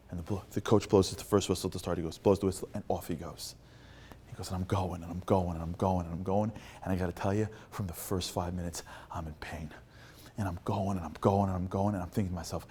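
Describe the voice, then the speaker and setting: A man telling a story to a live audience as a motivational speaker, acting out the dialogue and swinging from hushed to loud and animated. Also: on the low side, fast, slight background noise.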